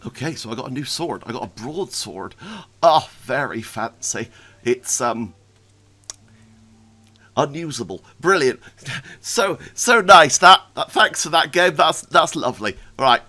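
A man giving excitable, self-mocking commentary while playing a video game. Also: medium pitch, measured pace. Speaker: gaming YouTuber. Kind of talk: let's play commentary.

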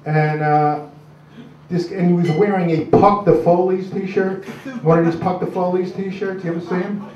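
A man in his 60s does a crude, rambling stand-up set on a club stage, gruff and full of "uh"s. His voice sits high with a flat delivery, a moderate pace, and a darkish tone. The recording is roomy, distant, and dull, with slight background noise.

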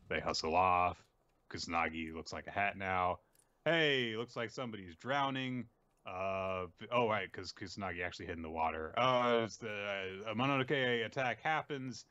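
A man hosting a podcast, casually recapping a manga chapter and halting often with fillers. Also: low-pitched, sharp tone, highs cut off. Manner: rambling, halting with many fillers. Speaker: podcast host.

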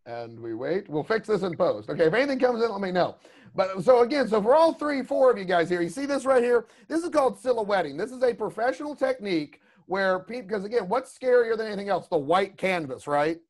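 Over a video call, a man teaches a creature design class in a chatty, rambling way, full of asides and plenty of "you know what I mean." His voice is high, expressive and a little mellow, and he speaks fast.

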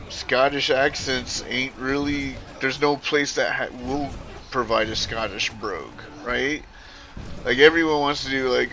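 A man ranting casually to his stream chat, slow and drawn out, with a bright, forward tone. He rambles, swears and corrects himself mid-sentence. A faint hiss of noise sits underneath. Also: medium pitch. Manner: animated, profane, rambling with self-corrections.

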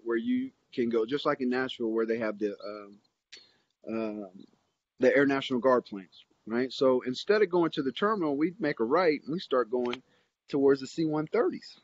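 A middle-aged man spins a long, animated anecdote, full of "um"s and restarts as he goes. His voice comes across dry and close, but a little dull and lo-fi, like a remote interview call. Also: medium pitch, dry recording. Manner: rambling, animated anecdote with many fillers and restarts. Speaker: interview guest, football coach. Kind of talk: casual storytelling.

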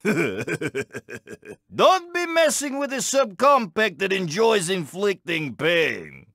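A shifty, spiteful little three-wheeled French car in a video game, taunting everyone around him. The voice is high and gravelly, with a French accent, and it leaps all over the place. He drags his words out slowly. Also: huge pitch swings, a bit bright, no echo, clean studio sound, full character voice. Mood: mocking. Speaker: game character.

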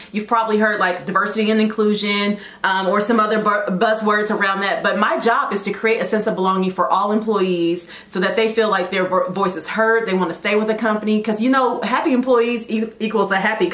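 A woman's voice: medium pitch, fairly bright tone, echoey room. A woman in her late thirties hosting a faith talk show, chatty and encouraging, with side notes as she goes. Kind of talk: casual devotional talk.

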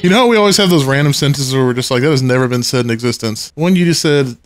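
A young man in a casual gaming voice chat, cracking quick pun jokes and laughing. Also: medium pitch, animated, crowd noise.

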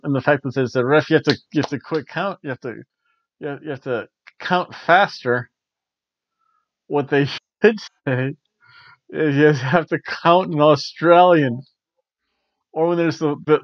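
A man's voice: a little high, no room sound, dull audio. A man hosting a casual spoken review. He rambles, corrects himself and chuckles often. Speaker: host of a wrestling review show.

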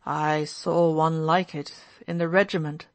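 A woman's voice: on the low side, normal speed, natural voice. Mitya, a woman reading as a feverish brooding young man. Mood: sly. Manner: expansive, feverish, then dreamy.

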